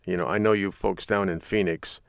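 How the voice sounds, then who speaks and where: Telling a folksy tale in a loose monologue, this middle-aged male radio host laughs often along the way. He speaks fairly quickly in a low, smooth, steady voice with vocal fry, and the studio-quality sound has no room echo.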